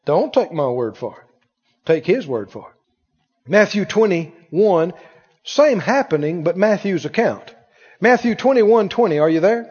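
A man preaching a sermon as pastor, emphatic, swinging from loud declarations to hushed asides. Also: high voice, sing-song, unhurried, slightly rough. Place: church sanctuary. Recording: dull echoing church hall.

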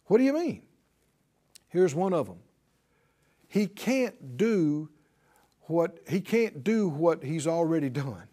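A middle-aged man preaching with a high, lively voice that swings up and down as he drives his points home. His tone is mellow rather than bright. He repeats key words for emphasis and acts out the pleading prayers of others. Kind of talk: sermon.

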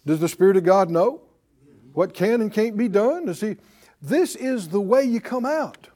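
High-voiced emphatic male preacher. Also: animated, normal speed, warm tone. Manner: emphatic call-and-response preaching, rising in force. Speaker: pastor. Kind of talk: sermon.

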